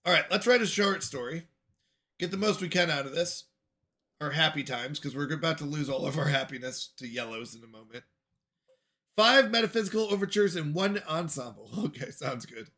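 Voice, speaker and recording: An American man chats casually on a gaming livestream, drifting from topic to topic as he replies to viewers. His voice sits high and sounds bright and forceful. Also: animated, a little fast. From United States. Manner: rambling, answers chat questions aloud. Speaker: streamer.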